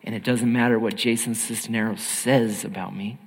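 A man preaching a sermon in an earnest, emphatic way, swinging between loud and hushed. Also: on the low side, fairly even intonation, moderate pace, slightly rough, long reverb tail.

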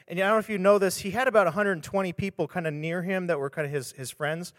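A man with a slightly higher voice talks like a pastor, candid and chatty. He retells a story loosely with restarts and asides. His voice carries a long reverb tail. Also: fairly even intonation, fast talker, clean studio sound. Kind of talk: casual devotional talk on scripture.

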